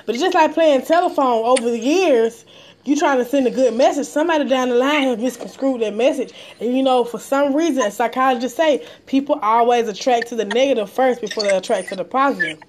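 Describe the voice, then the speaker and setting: A woman's voice: high voice, fairly quick. Blunt, profane woman telling stories. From Atlanta area. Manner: blunt, profane, animated storytelling. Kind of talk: casual conversation, storytelling.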